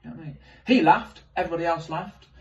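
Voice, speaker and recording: A man doing animated, self-mocking stand-up storytelling on stage. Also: fairly high pitch, rapid-fire, recorded from a distance, highs cut off. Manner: animated, self-mocking, swings into loud exclamations. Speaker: stand-up comedian.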